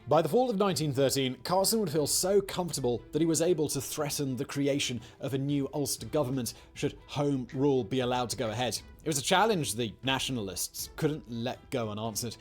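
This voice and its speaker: A man's voice: medium pitch, brisk, hardly any pauses, soft background music. A man narrating a scripted history piece with wry, jokey asides. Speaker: documentary narrator.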